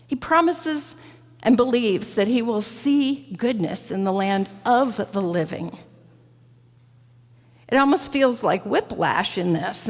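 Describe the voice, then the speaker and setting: Woman, sermon, very slow, deliberate, reverberant sanctuary. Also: mid-range voice. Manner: reflective, personal, slow and deliberate. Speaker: guest preacher. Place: large church sanctuary. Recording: church hall reverb.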